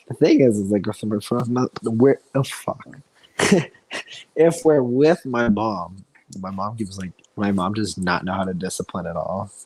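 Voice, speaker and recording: A man's voice: lowish voice, unhurried, a little mellow, slightly rough, no echo, poor audio. A man co-hosting a casual podcast, rambling through anecdotes with many fillers and casual swearing. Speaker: podcast co-host. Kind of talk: casual chat.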